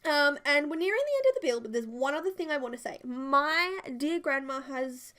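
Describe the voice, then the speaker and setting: A woman's voice: high-pitched, expressive, moderate pace, sharp tone. A young woman chatting through a casual home voiceover, rambling and full of "like" fillers. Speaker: game builder doing a voiceover. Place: home, near the bedroom.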